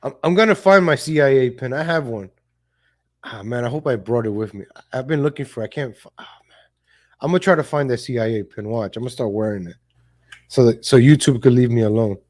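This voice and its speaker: A man's voice: medium pitch, a little fast, darkish tone. A man hosting a live stream, giving blunt, casual political commentary with cursing and frequent laughs. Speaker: livestream host.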